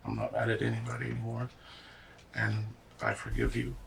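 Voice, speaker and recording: Man voicing a wounded alien teen boy, earnest and soft, gravelly edge, tabletop game. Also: mid-range voice, monotone, fairly quick, slight background noise. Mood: forgiving.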